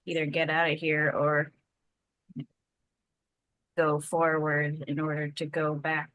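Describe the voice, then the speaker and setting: A woman's voice: sits low, monotone, takes it slowly, fairly bright tone, no room sound, dull audio. A woman playing a tabletop game, talking casually and asking the table before acting. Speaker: player.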